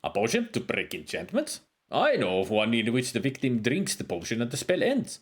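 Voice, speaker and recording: A man voicing a scholarly male desert wizard in a game, reading slowly and deliberately in a put-on foreign accent. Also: lowish voice, breathy edge.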